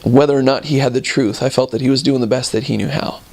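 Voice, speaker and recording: Casual male storyteller, average pitch, loose and chatty, a returned missionary reminiscing. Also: fast talker, gravelly. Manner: relaxed, rambling, chuckling between points.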